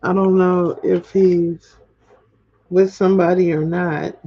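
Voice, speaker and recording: On the low side and slow, her voice barely moves in pitch while she hosts a solo livestream from home. She's candid and chatty with viewers and laughs at herself, all over dull, lo-fi stream audio.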